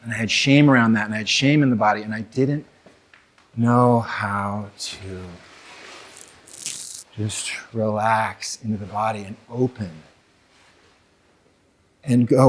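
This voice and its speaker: A man's voice: lowish voice, fairly even intonation, slow, pauses often. A young adult man from North America gives a reflective, conversational talk on men's work to a live audience, with many fillers and asides.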